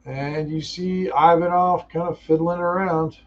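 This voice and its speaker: Halting tabletop game master, dull sound. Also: male voice, on the high side, fairly even intonation, a little hiss or hum. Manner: halting narration with many fillers.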